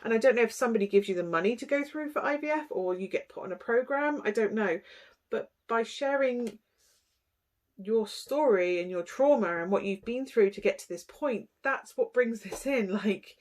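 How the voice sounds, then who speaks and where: A woman's voice: a little high, animated, normal speed. Chatty giggly woman reading tarot. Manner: chatty, giggly, rambling with fillers. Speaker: tarot reader.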